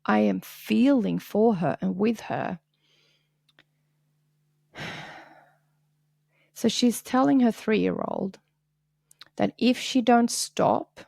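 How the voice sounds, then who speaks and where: A woman's voice: medium pitch, vocal fry, darkish tone, dry recording. A woman hosting a podcast, talking earnestly and confessionally on her own, sometimes dropping to a whisper. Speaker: podcast host. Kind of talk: candid solo podcast monologue.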